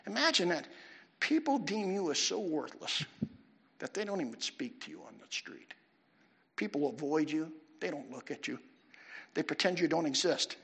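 A man preaching a sermon with animated delivery, putting questions to his listeners. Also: fairly high pitch, normal speed, vocal fry, husky. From United States. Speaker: pastor.

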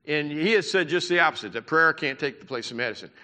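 Male pastor, conversational sermon, bright forceful tone, higher-pitched, church hall reverb. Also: lively intonation, quick pace. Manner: conversational preaching with asides and laughter.

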